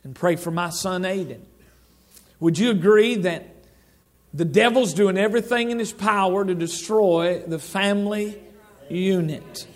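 A man's voice: high voice, a little slow. A middle-aged man preaching a sermon in a church, folksy and rambling, with lots of restarts and asides to the congregation. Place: church sanctuary.

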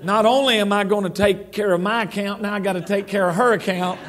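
A man's voice: high voice, steady tone, brisk, a bit bright. A middle-aged man preaching a sermon in a church, folksy and rambling, with lots of restarts and asides to the congregation. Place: church sanctuary.

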